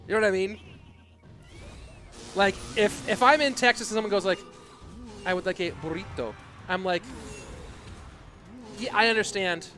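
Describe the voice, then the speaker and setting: A man casting an esports tournament on a live stream, rambling casually while reading chat and breaking into excited play-by-play. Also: high-pitched, normal speed, long pauses, faint music behind. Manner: rambling, self-deprecating, reads chat aloud; bursts into loud excited play-by-play. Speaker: esports caster.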